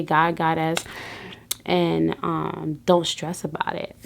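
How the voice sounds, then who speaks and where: A woman in her thirties speaks straight to her viewers in a personal vlog. Her voice sits fairly low with a gravelly edge, and she talks with earnest, faith-filled encouragement, often restarting her phrases. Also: steady tone, takes it slowly, a little hiss or hum. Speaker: vlogger.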